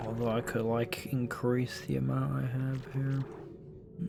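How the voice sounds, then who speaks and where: A man streaming a game, muttering and swearing as he thinks out loud about upgrades. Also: medium pitch, level tone, unhurried, gravelly. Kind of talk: casual gameplay commentary.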